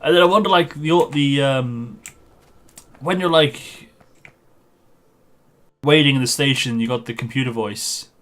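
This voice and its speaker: A man's voice: medium pitch, measured pace, long pauses, fairly bright tone. A man streaming a game, chatting casually in a rambling way and laughing at his own stories. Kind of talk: casual chat while gaming.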